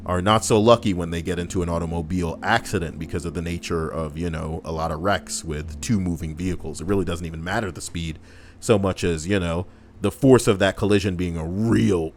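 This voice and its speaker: A man's voice: fairly low pitch, a little hiss or hum. A young man live streaming, chatting casually and reading viewer messages aloud in a rambling, crude, joking way.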